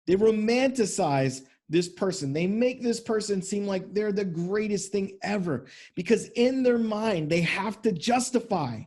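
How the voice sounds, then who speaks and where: A man's voice: sits high, unhurried, few pauses, darkish tone. A man hosting a podcast as a men's coach, talking bluntly and emphatically with lots of swearing. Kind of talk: motivational podcast monologue.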